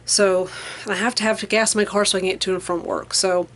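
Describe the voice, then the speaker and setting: A young woman vlogging from her basement bedroom in a rambling, frank, casual chat, full of fillers and soft laughs. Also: medium pitch, little pitch movement, brisk. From American Midwest or South region. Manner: frank and chatty, laughs softly between thoughts.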